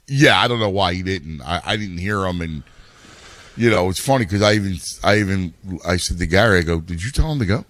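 A man's voice: deep voice, expressive, fairly quick, a bit bright, dry recording. Rambling middle-aged man chatting baseball. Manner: rambling, restarts with "right?" and "like". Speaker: youth baseball coach and parent. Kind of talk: casual chat.

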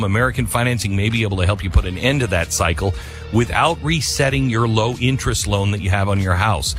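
A man's voice: lowish voice, a bit bright. A man hosting a talk show, reading a sponsor ad and introducing a guest in a loose, rambling way with many fillers. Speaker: radio talk show host. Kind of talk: talk show chat and live-read ad.

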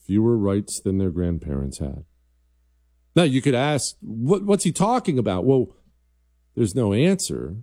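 A man's voice: lowish voice, warm tone, dry recording, clean studio sound. A man hosting a political commentary show, talking in a combative, emphatic way and reading viewer emails. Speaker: host.

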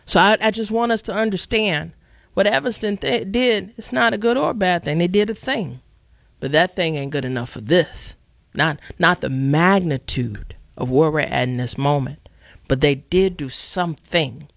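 A man hosts a radio call-in show from the studio, his fairly high voice rough and gravelly. He speaks with impassioned, preacherly emphasis and leans hard on slow, deliberate stresses. The sound is dry and close. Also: expressive, fairly bright tone, no echo. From Chicago. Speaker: radio talk show host.

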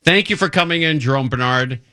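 A male talk radio host keeps up a stream of playful, teasing banter with his guest and callers. His voice sits at an ordinary pitch and sounds close and dry, with no room around it. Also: bright, forceful tone, dry recording. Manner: teasing, playful, quick asides.

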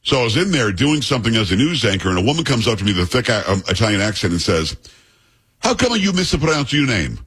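A man's voice: on the low side, lively intonation, very fast, hardly any pauses, fairly bright tone, slightly rough. A man hosting a radio talk show, telling joking, rambling stories in casual banter. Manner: rambling, joking storyteller with restarts.

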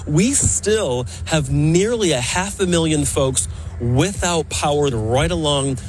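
A male field reporter delivering a brisk weather update in a somewhat higher voice. Noticeable background noise runs under the report. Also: expressive. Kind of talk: news report.

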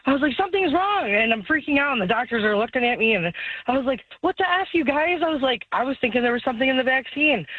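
A mother calling in to a radio show, telling a story in an animated way and laughing often. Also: mid-range voice, no echo. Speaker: caller. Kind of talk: phone-in storytelling. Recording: tinny phone line.

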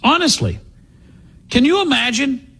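A man's voice: very high voice, expressive, unhurried, pushed and bright, husky. A man hosting a talk radio show, delivering a sarcastic, mocking political monologue. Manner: sarcastic, mocking, puts on voices.

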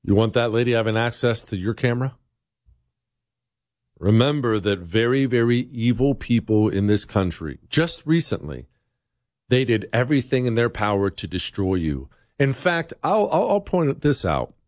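A combative male talk radio host with a very lively voice that swoops from low, clipped asides up into high, mocking bursts. He is recorded close and dry in a studio, with no room sound behind him. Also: moderate pace, no echo. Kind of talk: political talk radio monologue.

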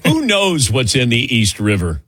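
A man's voice: mid-range voice, wildly swooping pitch, a little slow, fairly bright tone. A man in his sixties hosting a call-in sports radio show, chatty and laughing easily as he tells stories. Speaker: radio sports talk host.

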